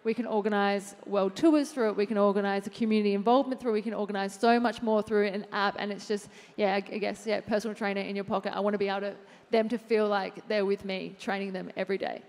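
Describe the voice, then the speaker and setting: A woman's voice: mid-range voice, fairly even intonation, fast, darkish tone. A woman, a fitness trainer, chatting as a guest in a live on-stage interview, unassuming and full of fillers. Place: large event hall with audience. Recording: long hall reverb from a live stage.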